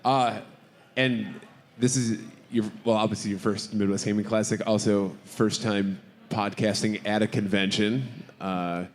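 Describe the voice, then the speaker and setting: A man hosting a casual live podcast on a convention stage, talking with frequent pauses and fillers. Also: on the low side, fairly even intonation. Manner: hesitant, many filler pauses. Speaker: podcast host.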